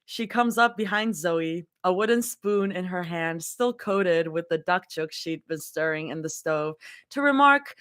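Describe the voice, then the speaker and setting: A woman's voice: mid-range voice, lively intonation, moderate pace, fairly bright tone. Giggly, chatty woman live-reading fanfiction. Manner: giggly, chatty, lots of fillers. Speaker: live-stream fanfiction reader. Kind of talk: casual live reading and chat.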